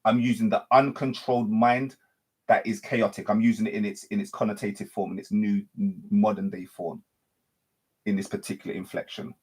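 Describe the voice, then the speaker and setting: A husky, lowish male voice with little pitch movement moves along at normal speed. The speaker is a teacher giving an unscripted spiritual talk, phrasing things repetitively and in circles while often correcting himself.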